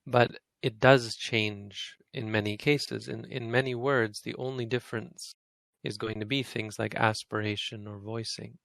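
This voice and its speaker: A man's voice: fairly low pitch, fairly even intonation, measured pace, creaky, fairly bright tone, no room sound. A man teaching a language lesson, patiently explaining and demonstrating sounds over and over.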